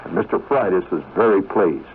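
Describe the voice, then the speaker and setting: A man's voice: low-pitched, animated, brisk, a little hiss or hum. A man doing a fatherly old-school boss. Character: kindly middle-aged male station boss, fatherly and pleased. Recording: tinny lo-fi 1970s radio broadcast.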